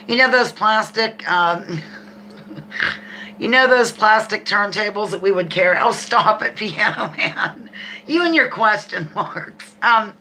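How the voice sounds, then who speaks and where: Bright chatty middle-aged woman hosting trivia. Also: medium pitch, a little hiss or hum. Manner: chatty, reads questions slowly, laughs often, chats with viewers. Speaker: trivia game host. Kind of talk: live-streamed trivia game chat.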